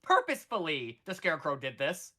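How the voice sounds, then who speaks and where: Bright, sarcastic thirty-something podcast host. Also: medium pitch, huge pitch swings, fairly quick. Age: 30s. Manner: rambling, profane, sarcastic. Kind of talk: casual movie recap chat.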